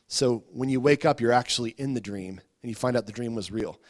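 A man's voice: medium pitch, normal speed, hardly any pauses. A male pastor giving a conversational sermon, informal, often repeating words and asking the congregation questions.

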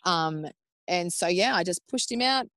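An Australian woman in her thirties telling her own birth story in casual, animated talk, acting out what people said and swearing freely. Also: fairly low pitch, a little slow, no room sound. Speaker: podcast guest.

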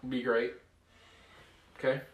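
A father reading a bedtime story aloud and chatting with his children in their bedroom, in an expressive reading voice. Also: mid-range voice, slow pace. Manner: expressive reading aloud, relaxed chat with kids. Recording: echoey room, far from mic.

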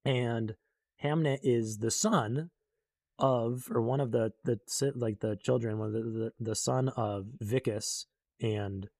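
Rambling young man, husky and mellow. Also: medium pitch, takes it slowly, no echo. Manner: rambling, full of fillers, animated quoting of characters. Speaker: book recap vlogger. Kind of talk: rambling casual recap.

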